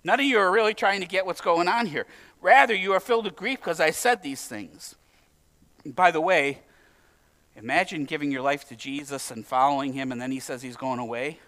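A male pastor with a voice on the high side preaches at a moderate pace, his tone a bit bright. His sermon is conversational and lightly humorous, and he puts direct questions to his listeners.

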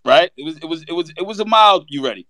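A man on a casual sports talk panel, telling stories in an animated way full of slang. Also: high-pitched, fast, dry recording.

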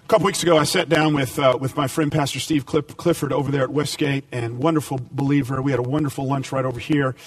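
A man preaching a sermon as pastor, climbing to emphatic points and dropping to a quiet storytelling tone. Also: mid-range voice, steady tone, quick pace, hardly any pauses, no room sound, recorded from a distance.

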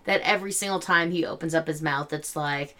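A woman's voice: sits low, fairly quick, sharp tone, a little hiss or hum. A woman co-hosting a podcast from home, joking and chatting animatedly with her co-host. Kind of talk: casual podcast chat. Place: home, on a couch with dogs.

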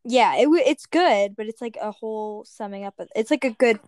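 A young woman chats casually on a podcast, her voice sitting a little high. She leans on filler words as she talks through her opinions. The sound is dry and close. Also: fairly quick, darkish tone, no room sound. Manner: chatty, lots of "like" fillers. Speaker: podcast co-host. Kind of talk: casual chat reviewing songs.

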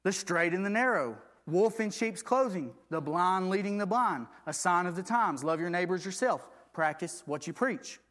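A man's voice: sits high, animated, moderate pace, hardly any pauses, fairly bright tone. A man preaching a sermon, reading scripture aloud and asking the congregation for agreement.

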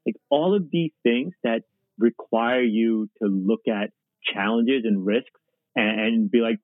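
A man's voice: medium pitch, a little slow, dry recording, phone-quality sound. A man talking casually as a podcast guest, rambling with lots of "like" and restarts. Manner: rambling, heavy use of "like", restarts often. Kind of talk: casual conversation.

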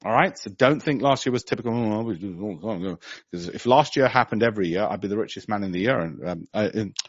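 A man's voice: on the low side, fast, breathy edge, dry recording, lo-fi sound. A middle-aged man, giving blunt, sarcastic market commentary on a podcast and mocking others in put-on voices.

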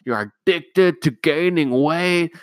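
A man's voice: fairly high pitch, takes it slowly, no echo, clean studio sound, voice pushed up. Shrieking scolding mom, as a man puts her on. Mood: shrill scolding. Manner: shrieking and exaggerated. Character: shrill, scolding middle-aged mother.

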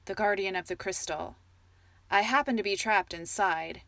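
A woman doing a calm wise wizard. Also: medium pitch, moderate pace, gravelly, no echo. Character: calm wise male wizard, dry and wry.

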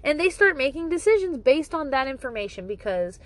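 A woman's voice: high-pitched, big pitch swings, brisk, a bit bright, poor audio. A woman talking casually to camera with parenting advice, blunt and profane, joking and exaggerating as she goes.

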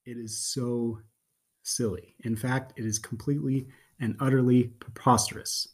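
A man's voice: mid-range voice, little pitch movement, moderate pace, slightly rough. A man, a father and guest on a podcast, reading a picture book aloud in a playful, theatrical way.

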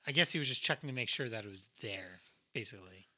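A man's voice: on the low side, fast. A young man co-hosting a podcast, joking and swearing as he talks through a movie. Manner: joking, profane, animated storytelling. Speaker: podcast co-host. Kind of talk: casual movie chat.

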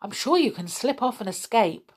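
A woman reading aloud and voicing a cheerful male elf in a high, eager voice. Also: expressive, normal speed, husky.

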